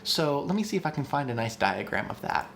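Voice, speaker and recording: Man thinking out loud on a stream. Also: a little high, big pitch swings, a little fast, vocal fry, a little hiss or hum. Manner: thinks out loud, many ums and restarts; answers chat questions as they come in. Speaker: streamer teaching language creation. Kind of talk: live-streamed casual lecture.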